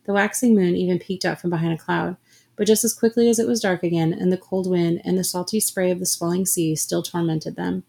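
Woman reading a story out, measured and steady, lots of vocal fry. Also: lowish voice. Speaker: audiobook narrator. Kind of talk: scripted story narration.

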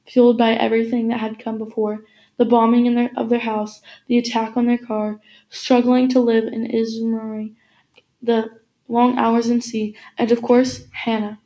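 Mellow woman reading a novel aloud. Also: a little high, rough recording. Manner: steady storytelling with small slips. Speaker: narrator.

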